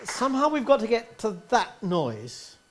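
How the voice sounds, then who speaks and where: A male voice teacher coaches a young singer in front of a room of other teachers. His pitch swings widely as he encourages, demonstrates nasal sounds, and pushes for more expression. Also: huge pitch swings, a little slow, over a noisy crowd, very noisy. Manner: coaxing, demonstrative, sings nasal vocal examples. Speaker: singing teacher. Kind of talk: masterclass coaching. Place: teaching hall at a singing school.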